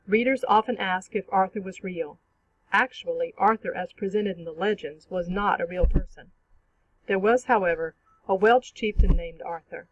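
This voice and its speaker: A teacher giving a clear, measured, scripted narration for an online literature lesson. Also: mid-range voice, no room sound, dull audio. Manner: clear, measured explanatory reading.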